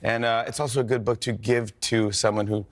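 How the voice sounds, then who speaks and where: A man's voice: fairly low pitch, little pitch movement, a little fast. A man in his forties chatting as a guest, telling anecdotes with laughter and putting on voices. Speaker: talk show guest. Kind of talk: casual storytelling chat.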